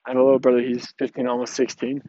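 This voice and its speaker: A man's voice: medium pitch, completely flat delivery, rapid-fire, dark tone, no room sound. A man in his early twenties talking casually in a vlog, rambling with lots of fillers and restarts. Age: 20s. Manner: rambling, many fillers and restarts, laughs often. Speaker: vlogger. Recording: dull lo-fi dry sound.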